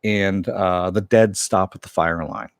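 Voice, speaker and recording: A man's voice: low voice, fairly even intonation, a little slow, clear, resonant tone, no echo, clean studio sound. A man casually recapping a TV episode for his viewers, rambling with many fillers and frequent chuckles. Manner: rambling, filler-heavy, laughs often, chats with viewers. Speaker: show reviewer.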